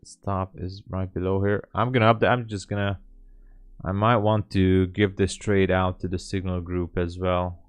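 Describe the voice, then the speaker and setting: A man with a low, clear, resonant voice speaks at normal speed with little pitch movement. As a day trader streaming live, he mutters and jokes through his trades, sighing and using lots of fillers.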